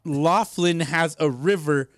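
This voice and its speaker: A man from Southern California co-hosting a podcast in casual chat, animated and profane, laughing often. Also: a little high, slow pace, no room sound, studio quality. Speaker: podcast co-host.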